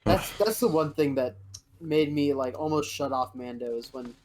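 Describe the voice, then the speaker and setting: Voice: medium pitch, moderate pace, darkish tone. Rambling podcast co-host. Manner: rambling, many restarts and fillers. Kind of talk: casual fan chat.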